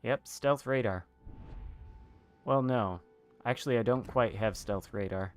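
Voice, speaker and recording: A man's voice: mid-range voice, a little slow, faint music behind. A man giving casual commentary over a video game, chatting and muttering asides to himself as he plays. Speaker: gaming video host.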